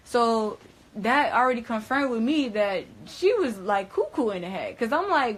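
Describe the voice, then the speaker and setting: A woman's voice: fairly high pitch, expressive, normal speed, slightly rough. A young adult woman casually recounting a story in slangy, profane, rambling speech full of fillers.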